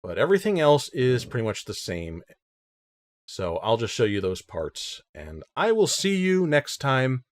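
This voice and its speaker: A man's voice: mid-range voice, sing-song, a little slow. A man giving casual, joking gameplay commentary as host of a let's play. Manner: joking, rambling. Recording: game sound noise underneath.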